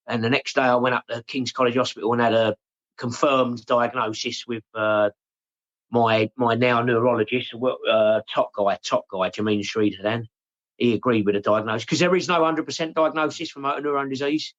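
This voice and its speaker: An English man in his forties, talking openly and haltingly in an interview, often repeating his words and saying "mate". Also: medium pitch, steady tone, a bit bright, highs cut off. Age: 40s. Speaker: podcast guest. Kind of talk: emotional personal interview.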